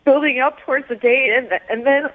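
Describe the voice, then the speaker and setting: A woman on the phone to a radio show, crying as she talks in halting, broken sentences. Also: sits high, fairly even intonation, no echo. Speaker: caller. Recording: tinny phone line.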